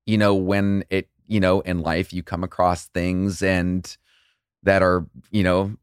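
Low-voiced man, earnest and rambling podcast guest, dry close mic. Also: flat delivery, unhurried, clean tone, dry recording. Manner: earnest, rambling, many "you know"s. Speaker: guest, musician. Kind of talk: casual chat.

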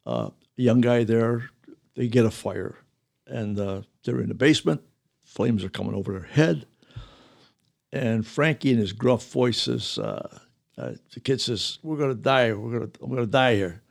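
A man's voice: mid-range voice, animated, normal speed, gravelly, darkish tone. An older man, a retired firefighter telling rambling, chuckling stories. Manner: rambling, chuckling anecdotes with restarts. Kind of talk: casual storytelling.

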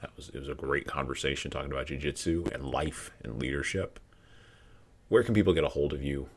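A man hosting a podcast, wrapping up an interview in a relaxed way with frequent fillers. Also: rumbling low, brisk, noisy background. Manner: relaxed, loose closing wrap-up with fillers. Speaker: podcast host.

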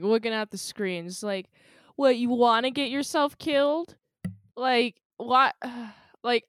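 Smooth-voiced woman on a podcast. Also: mid-range voice, no room sound, studio quality. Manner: animated, acts out characters' lines. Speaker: podcast guest. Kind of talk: casual chat.

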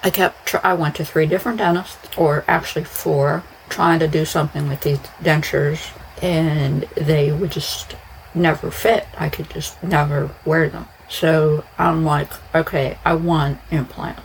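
A woman's voice: low-pitched, steady tone, unhurried, gravelly, a little hiss or hum, poor audio. A woman podcast host chatting in a rambling, casual monologue, her speech slightly slurred after dental surgery. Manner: rambling, chatty, frequent restarts and fillers.

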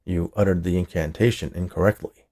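A man voicing a precise, literal-minded male robot who speaks in a flat, deadpan way in a storybook reading. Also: deep voice, fairly quick.

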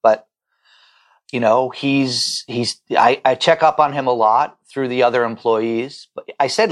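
A man's voice: medium pitch, steady tone, unhurried. A middle-aged chef talking as a podcast guest over a remote call, heartfelt and stumbling over repeated words when he gets moved. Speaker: chef and restaurant owner, guest. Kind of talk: emotional podcast conversation.

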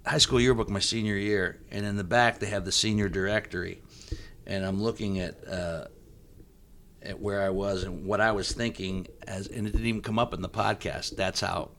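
A man's voice: moderate pace, slight background noise. A middle-aged man hosting a podcast, chatting casually and telling stories about his school years. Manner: storytelling, breaks into excited high-pitched yelps when quoting. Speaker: podcast host.

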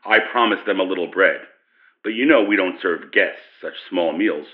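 A man's voice: sits low, natural voice. A man playing eager old Abraham, tinny. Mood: urgent. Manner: hurried, commanding. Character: excited elderly host Abraham urging his wife. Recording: tinny phone-like sound.

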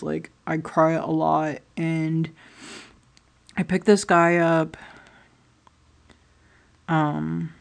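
A woman's voice: sits low, gravelly, a little mellow. A woman talking to her audience in a rambling, candid personal monologue, swearing often as she tells stories about her life. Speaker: podcast host.

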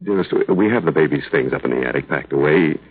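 A man's voice: rumbling low, fast talker, husky. An actor playing a grieving young husband in a 1950s radio drama, earnest and tender as he pleads with his wife. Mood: urging. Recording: tinny old radio broadcast.

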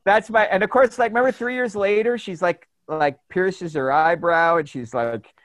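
A man's voice: high voice, moderate pace, no room sound. A man co-hosting a podcast, telling an anecdote in casual chat and acting out the quotes with laughs. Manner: animated storyteller, acts out quotes with laughs. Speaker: podcast co-host.

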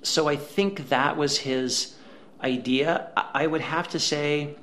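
A man's voice: on the high side, a bit bright, a little hiss or hum. A man hosting a movie podcast, talking through a film review in casual chat. He is wry and chatty. He often stops mid-thought on "uh" before pressing on. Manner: wry, chatty, prone to filler pauses. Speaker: podcast host, film critic. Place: empty office room.

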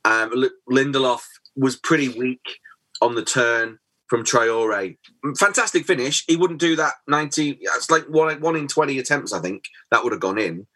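A man hosting a casual football podcast, talking through the match in a quick, chatty way. His voice is bright and forward, with a middling pitch for a man. He is recorded close on a studio microphone. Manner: chatty, quick analytical talk. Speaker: podcast host.

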